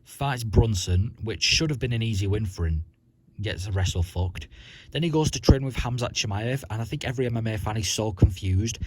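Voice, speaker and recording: A man's voice: lowish voice, fairly quick, a little mellow, breathy edge. A man ranting about the sport in a blunt, profane, rambling vlog. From Britain. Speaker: vlogger.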